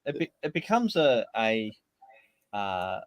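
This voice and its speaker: A man hosting a podcast, interviewing guests in a relaxed, affirming manner. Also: fairly low pitch, slow, no echo. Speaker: podcast host.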